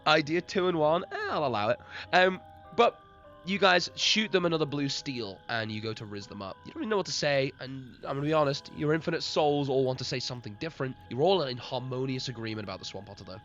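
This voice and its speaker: A man's voice: mid-range voice, expressive, quick pace, a bit bright. A man narrating a live-streamed tabletop game as game master, rambling, laughing often and talking to chat. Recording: lo-fi stream with faint music.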